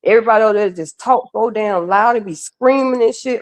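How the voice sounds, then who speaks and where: A woman's voice: on the high side, brisk, few pauses. Blunt, ranting woman host. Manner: blunt, profane, ranting, addresses viewers as y'all. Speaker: livestream co-host. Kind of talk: heated casual live commentary.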